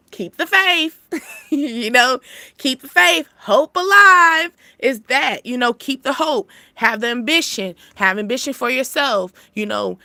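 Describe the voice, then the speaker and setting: A woman hosts a spiritual channel and talks casually to her viewers with a bright, somewhat high voice. Her recording is dry. She rambles and repeats phrases, shifting from emphatic peaks to quiet asides. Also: no echo. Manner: swings between emphatic highs and soft low asides. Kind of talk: casual motivational talk to camera.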